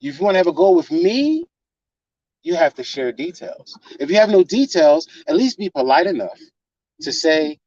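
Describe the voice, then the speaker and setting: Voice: medium pitch, very animated, moderate pace, a little mellow, no room sound. A channel host lecturing a partner in a heated, confrontational rant full of swearing, on a slightly dull lo-fi recording.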